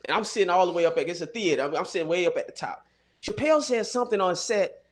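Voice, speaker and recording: A man hosting a podcast, telling comedic stories in an animated way, with his voice jumping up when he gets excited. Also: high voice, fast. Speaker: podcast host. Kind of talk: casual comedic storytelling.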